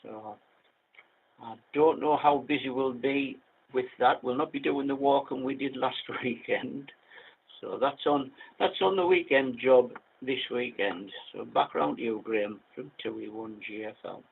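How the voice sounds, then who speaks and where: Older man from England, gravelly, easygoing caller on a phone-thin radio link. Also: medium pitch, unhurried. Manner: plain, easygoing storytelling. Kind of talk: amateur radio net chat. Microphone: radio transmission. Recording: tinny radio link with faint noise.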